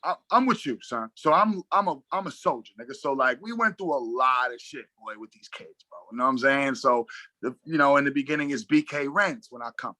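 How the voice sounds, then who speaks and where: Bright, animated Brooklyn storyteller man. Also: mid-range voice, fairly quick, no echo. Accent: New York. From Brooklyn, New York. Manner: animated, slangy storyteller acting out dialogue. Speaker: guest, basketball coach. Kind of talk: casual storytelling interview.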